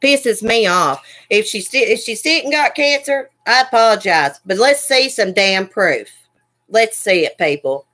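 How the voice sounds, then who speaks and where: Unhurried yet animated, this woman's medium-pitched, fairly bright voice carries an angry livestream rant. As host, she swears heatedly and goes over the same points again and again.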